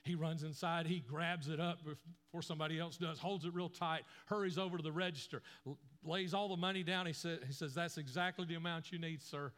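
A man preaching a sermon, telling a story with lively acted-out voices. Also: fairly high pitch, fairly quick. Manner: animated storyteller acting out voices. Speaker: pastor.

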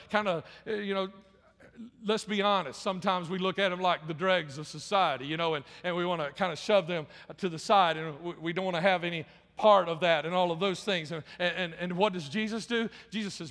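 A man's voice: high-pitched, steady tone, brisk, a bit bright, long reverb tail. A male pastor preaching a sermon, impassioned, often repeating words and restarting phrases as he builds.

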